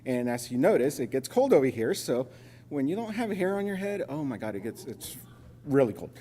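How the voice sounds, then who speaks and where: A man from Los Angeles presenting at a conference, telling a joking story in an animated way. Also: mid-range voice, a little fast. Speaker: sponsor presenter. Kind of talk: conference talk with anecdote. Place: conference hall. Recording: reverberant conference hall.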